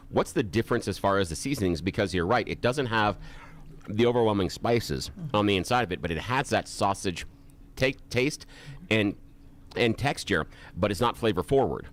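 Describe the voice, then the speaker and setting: A man's voice: lowish voice, expressive, fairly quick. A male radio co-host chatting casually and gushing with enthusiasm over the food. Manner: effusive, enthusiastic food praise.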